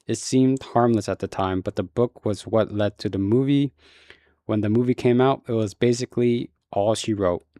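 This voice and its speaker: A man with a low voice reads a horror novel aloud in a relaxed, unpolished manner, now and then stumbling and correcting himself. The sound is close and dry, with no room around it. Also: normal speed, dry recording. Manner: casual, relaxed reading with occasional slips. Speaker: audiobook reader.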